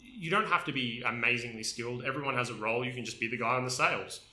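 A man with a very bright, forceful voice talks enthusiastically in a casual chat, piling up fillers as he tells his stories. The room is roomy and echoey around him. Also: mid-range voice, fast. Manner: enthusiastic, storytelling with many fillers. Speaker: podcast co-host. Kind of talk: casual chat about games. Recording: roomy echo.

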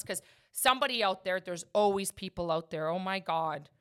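A woman's voice: medium pitch, normal speed, a bit bright. A woman who works as a mortgage agent and hosts a podcast, talking casually and emphatically about her work.

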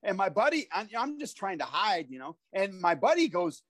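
A man in his forties from Iowa, a former pro wrestler telling animated stories as a podcast guest and acting out the voices of people in them. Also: high-pitched, moderate pace, dry recording. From Iowa, USA. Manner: animated storyteller who acts out voices. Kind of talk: casual interview storytelling.

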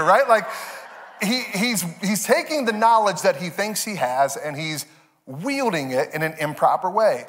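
Brief: male pastor, thirties, lively sermon storyteller, slightly higher voice. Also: normal speed. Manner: animated storytelling, jumps high for quoted voices.

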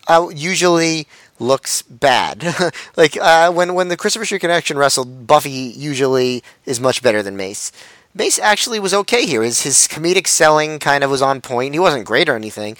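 A man's voice: mid-range voice, a bit bright, dry recording. Podcast cohost guy, stammers a lot, dry close sound. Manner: stammering, repeats words, easygoing. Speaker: podcast co-host. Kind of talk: casual chat reviewing wrestling shows.

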